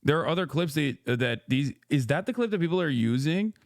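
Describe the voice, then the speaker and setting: A man's voice: on the high side, lively intonation, a little fast, dry recording, studio quality. A man hosting a live stream, ranting in disbelief with heavy swearing and restarted sentences. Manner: exasperated, profane, incredulous; rambling with frequent restarts. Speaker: streamer host. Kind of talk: reaction stream rant.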